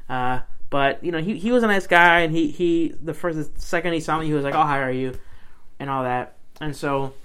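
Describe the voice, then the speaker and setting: A young man telling a story in casual chat, animated and swearing, full of fillers and restarts. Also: fairly high pitch, normal speed, clean tone. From Armenian background.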